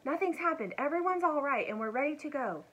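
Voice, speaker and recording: A woman's voice: sits high, animated, quick pace, a bit bright, voice pushed up, poor audio. A woman voicing a friendly young male dragon in a storybook read-aloud, cheerful and eager.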